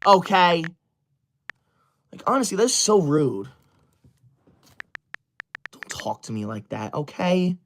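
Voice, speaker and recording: A man's voice: high-pitched, sing-song, slow pace, pauses often, slight background noise, exaggerated voice. A man in his twenties playing a pompous, bossy young male livestreamer who scolds his chat while reading super chats, as a comedy character. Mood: indignant. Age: 20s.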